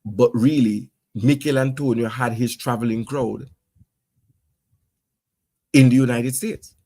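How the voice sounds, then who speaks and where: A man chats about football, stammering and restarting as he works through his thoughts. The recording is dry and close, with no room sound around his middle-pitched voice. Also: fairly even intonation, measured pace, dark tone, no echo. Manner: stammering, conversational. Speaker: podcast co-host. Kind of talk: casual football chat.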